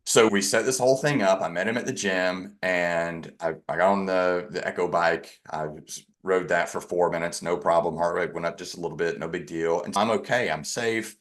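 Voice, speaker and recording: A man's voice: low-pitched, moderate pace, few pauses, a bit bright. A man guesting on a podcast, candidly telling a personal story with a self-deprecating streak.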